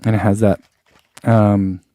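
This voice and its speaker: A man's voice: lowish voice, little pitch movement, takes it slowly, warm tone, no room sound, clean studio sound. A man who reviews running shoes, chatting casually through an unboxing and thinking aloud with lots of fillers.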